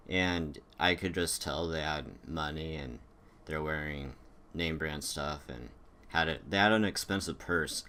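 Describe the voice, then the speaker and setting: A man's voice: deep voice, fairly bright tone, slight background noise. A young man hosting a casual chat, telling stories in a rambling way with lots of fillers and restarts. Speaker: podcast host.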